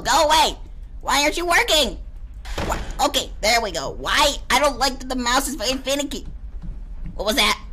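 A woman's voice: high-pitched, bright, forceful tone. A young woman commentating a horror game as she plays, panicking and repeating words in a rush when scared. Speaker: gamer.

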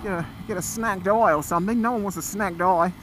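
A man talking casually as he rides a motorcycle, chatty and excitable, often exclaiming. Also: sits high, a little fast. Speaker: motorcycle vlogger. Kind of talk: casual ride commentary. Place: outdoors on a moving motorcycle. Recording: loud wind and engine noise.

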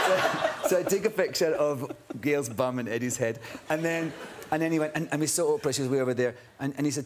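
A middle-aged man with a Scottish accent, a chat show guest telling a lively anecdote and acting out other people's voices. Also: mid-range voice, fairly quick. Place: TV studio with live audience. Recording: studio audience laughter and noise.

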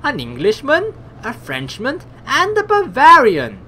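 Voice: sits high, wildly swooping pitch, measured pace, pushed and bright, voice pushed up, heavily acted. A game player reading out the lines of a mocking female airship pirate captain in a raised, theatrical voice. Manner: amused, theatrical villainy.

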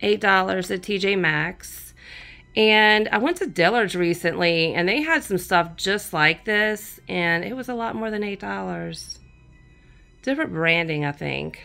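A woman's voice: medium pitch, measured pace, gravelly, sharp tone, soft background music. A woman, chatting fondly as she shows off her shopping haul and talks to her cat. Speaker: crafting channel host. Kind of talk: casual haul show-and-tell.

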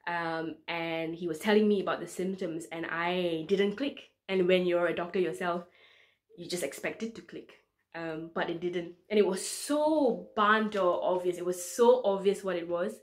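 A woman's voice: lowish voice, moderate pace. A young woman in her twenties, a medical student preaching, telling a personal testimony in an earnest, emotional way, acting out her prayers with feeling. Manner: earnest, emotional storytelling with lively quoted prayers. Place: church online service recording.

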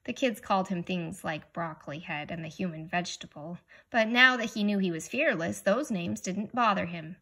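Bright, gravelly woman reading aloud. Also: lowish voice, moderate pace, hardly any pauses. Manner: gentle, explaining to young listeners. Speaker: reader. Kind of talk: read-aloud storytelling with questions to a child.

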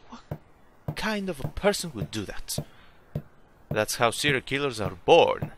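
A young man playing a horror game, talking to himself, swearing and yelling as jump scares hit. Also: medium pitch, sing-song, a little slow, a little hiss or hum. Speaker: gaming YouTuber. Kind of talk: horror game let's play commentary.

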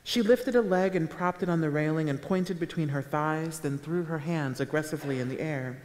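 A woman author reading her own fiction aloud at a public event, with a measured, deadpan delivery. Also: deep voice. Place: town hall auditorium with a live audience. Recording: echoey live hall sound.

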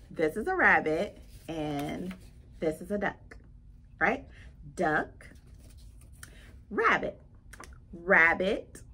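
A woman's voice: fairly low pitch, sharp tone, slightly rough. A woman leading a children's storytime, playful and talking straight to the kids. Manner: playful, addresses children directly. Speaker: children's librarian. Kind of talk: storytime read-aloud.

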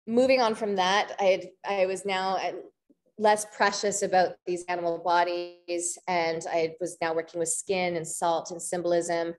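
A Canadian woman in her thirties giving an artist talk, pausing often with ums and restarts. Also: fairly low pitch, little pitch movement, darkish tone. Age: 30s. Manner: hesitant, frequent ums and restarts. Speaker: visual artist.

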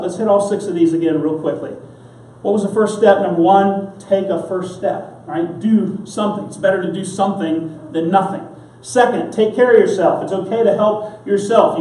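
A man's voice: high-pitched, darkish tone, slight background noise. A man pastor preaching an earnest, emphatic sermon, telling stories to drive his points home. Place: church sanctuary. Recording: roomy church sound from a distance.

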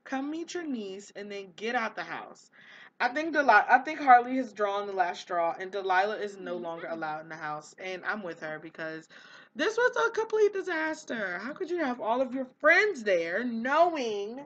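A woman hosting a casual gameplay commentary, excitable and gushing, slipping into quoted voices for the characters. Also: medium pitch, normal speed, muffled recording. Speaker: let's play host.

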